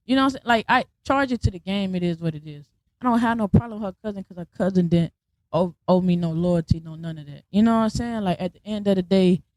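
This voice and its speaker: A woman's voice: medium pitch, no room sound. A young adult woman hosting a podcast, telling a story in a blunt, slangy, casual way and acting out the people in it. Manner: blunt, slangy, animated retelling with quoted voices. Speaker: podcast host.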